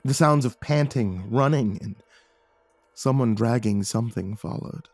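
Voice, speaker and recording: Man narrating a horror story, hushed. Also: mid-range voice, a little slow, no echo, soft background music.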